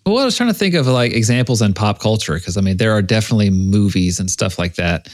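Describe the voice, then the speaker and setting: A man from the American Midwest with a lowish voice co-hosts a podcast in easygoing, joking chat. He often trails off while searching for a word. The sound is close and dry, with no room around it. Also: lively intonation, fast, no echo. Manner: joking, laid-back, trails off mid-thought. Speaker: podcast co-host. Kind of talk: casual chat.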